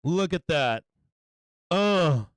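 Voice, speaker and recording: Hyped guy calling stock moves live, slow drawn-out talk, clean dry close mic. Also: fairly high pitch, dry recording. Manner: excitable, hyped, taunting, laughs often, repeats phrases. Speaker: stock market livestream host. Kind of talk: live market commentary.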